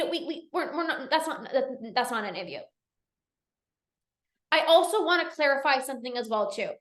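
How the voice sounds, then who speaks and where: A woman's voice: sits high, fairly bright tone, reverberant. A woman coaching a live online masterclass, earnest and repetitive, laughing easily.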